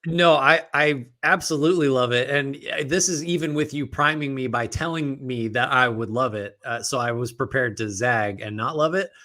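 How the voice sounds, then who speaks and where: A man's voice: medium pitch, moderate pace, few pauses, sharp tone. A young man co-hosting a casual podcast, chatty and jokey with easy back-and-forth. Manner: chatty and jokey, many fillers. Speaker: podcast co-host. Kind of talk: casual basketball podcast chat.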